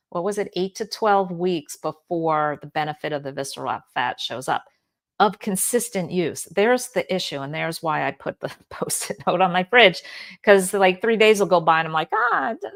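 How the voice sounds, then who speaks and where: A middle-aged woman hosting a live-stream Q&A, reading viewer comments aloud and answering in a chatty way with many fillers and restarts. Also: fairly low pitch. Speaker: health channel host.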